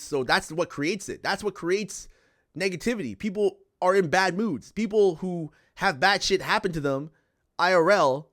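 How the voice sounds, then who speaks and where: Loud, animated man hosting a podcast. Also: sits high. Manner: loud, animated, repeats himself. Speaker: podcast host. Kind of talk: casual livestream chat.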